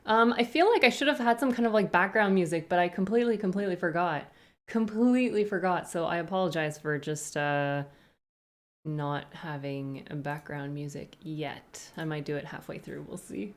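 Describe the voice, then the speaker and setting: Woman, live-stream host, slightly low voice, rambling and chatty while greeting chat. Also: moderate pace. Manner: chatty, rambling asides, greets viewers one by one.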